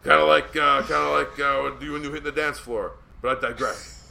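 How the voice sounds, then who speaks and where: Profane, excitable podcast co-host man. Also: fairly high pitch, fairly quick, creaky. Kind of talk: casual wrestling chat.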